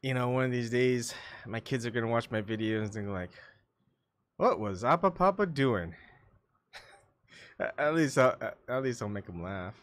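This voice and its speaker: A man's voice: mid-range voice, normal speed. Man musing aloud on a solo livestream. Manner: muttering to himself, mixing asides with musings; frequent coughs and throat clearing. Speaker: livestream host. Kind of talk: rambling solo livestream chat. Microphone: desktop microphone.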